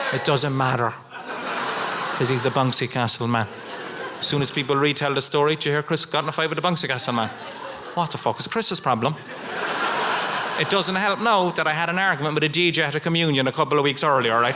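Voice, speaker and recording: A middle-aged Irish man performing stand-up comedy, telling a story with swings from low mutters to high outbursts. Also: noisy background. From Ireland. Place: live stage.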